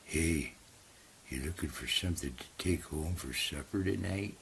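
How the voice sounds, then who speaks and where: A man voicing a sly, smooth-talking male weasel who swindles in a folk story, with a wheedling, salesy manner. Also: extremely low pitch, moderate pace, fairly bright tone, a little hiss or hum, heavily acted.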